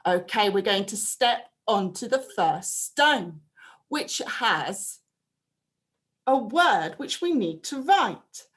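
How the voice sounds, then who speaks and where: Woman, primary teacher, unhurried and lively sing-song delivery, stretches each sound out for little ones. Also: mid-range voice. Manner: slow, clear, sing-song prompting with drawn-out sounds. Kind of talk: phonics lesson for young children.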